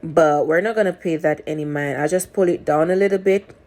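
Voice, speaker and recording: A woman with a Jamaican accent chats her way through a makeup tutorial recorded on a phone. Her voice sits a little low. She talks casually and leans on repeated words to stress each step. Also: fairly quick, darkish tone. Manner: chatty, repeats words for emphasis. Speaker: makeup vlogger. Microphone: phone camera.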